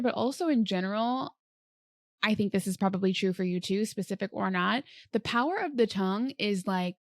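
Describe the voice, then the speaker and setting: A woman's voice: medium pitch, no room sound, studio quality. A woman hosting a solo podcast, talking casually and earnestly about manifesting, with many filler words. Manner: chatty, frequent "like" fillers, earnest. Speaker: podcast host.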